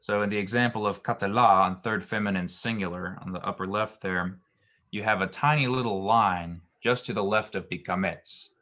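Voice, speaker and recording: A man with a somewhat low voice explains Hebrew verb forms in a relaxed, patient way. He often pauses with an "um" or restarts a phrase before moving on. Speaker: Hebrew teacher. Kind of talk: online grammar lesson.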